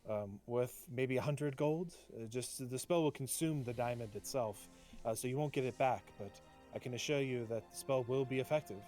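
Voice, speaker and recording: A man's voice: mid-range voice, moderate pace, a little mellow, soft background music, natural voice. A man voicing a polite, formal elven woman healer in a tabletop game, in close to his own voice. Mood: courteous. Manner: formal, courteous.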